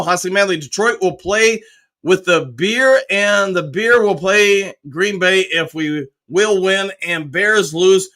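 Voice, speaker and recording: A man's voice: high-pitched, bright, forceful tone. A man hosting a casual live stream, greeting chatters by name and reading their comments aloud. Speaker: host reading viewer comments.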